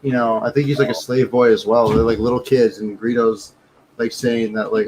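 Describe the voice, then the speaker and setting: A jokey man chatting on a livestream and telling stories with animated energy. His voice sits at a middle pitch, with a faint hiss behind it. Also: moderate pace, rough recording. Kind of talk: casual livestream chat.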